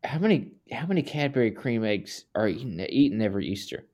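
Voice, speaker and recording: A man who is a podcast guest, chatting casually, loud and excitable, swearing constantly. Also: medium pitch, fast. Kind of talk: casual chat.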